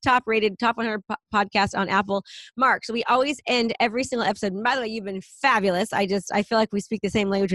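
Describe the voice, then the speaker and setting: A woman hosts a podcast interview, chatting casually and warmly encouraging her guest. Her voice sits a little high, and the recording is dry and close with no room sound. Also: no echo. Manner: upbeat and encouraging. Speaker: podcast host.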